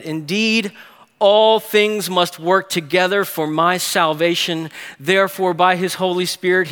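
A man preaching a sermon, moving from hushed, slow phrases to quick, emphatic bursts. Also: high-pitched, clean tone. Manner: animated preaching with big swings from hushed to emphatic. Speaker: pastor. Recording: long hall reverb.

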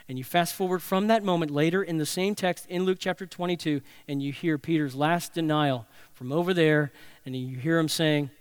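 A man preaching a sermon, telling a story dramatically, swinging between loud and hushed. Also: on the high side, moderate pace, smooth, no room sound. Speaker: pastor.

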